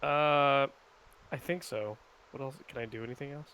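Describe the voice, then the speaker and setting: A man's voice: mid-range voice, normal speed, pushed and bright, clear, resonant tone, rough recording. A man playing a tabletop game, hesitant and unsure as he describes his moves. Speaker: player.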